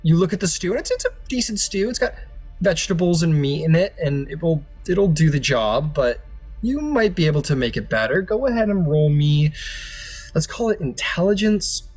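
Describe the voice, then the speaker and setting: A man's voice: fairly high pitch, very animated, normal speed, a little mellow, faint music behind. A man running a tabletop game as game master, narrating in a loose, chatty way with laughs.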